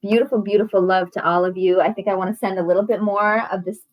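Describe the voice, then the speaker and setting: A woman's voice: mid-range voice, steady tone, fast, dry recording, highs cut off. Effusive woman hosting a spiritual livestream. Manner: effusive, affirming, encouraging. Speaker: host of an online group prayer and meditation. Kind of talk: casual spiritual livestream talk.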